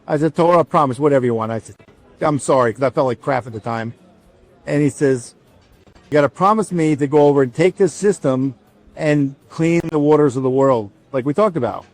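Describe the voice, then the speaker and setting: A man telling a personal story in a casual, animated way, acting out both sides of a conversation and often restarting his sentences. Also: a little high, normal speed, faint music behind.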